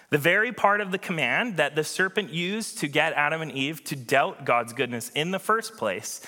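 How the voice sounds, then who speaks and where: A man preaching a sermon as pastor, earnest and emphatic, with dramatic pauses. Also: medium pitch, bright, forceful tone, in a large hall.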